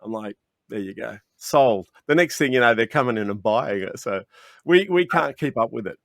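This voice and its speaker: In a video interview, an Australian man who works as a chocolatier recounts stories eagerly, animatedly playing both sides of customer exchanges and restarting often. His mid-range voice is creaky and runs at normal speed. The video-call sound is clean, studio-like, and echo-free.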